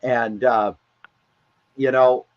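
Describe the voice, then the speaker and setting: A man's voice: mid-range voice, steady tone, very slow, dull audio. A man speaking in a casual, emphatic way on a spiritual live stream, rambling and often repeating words as he talks.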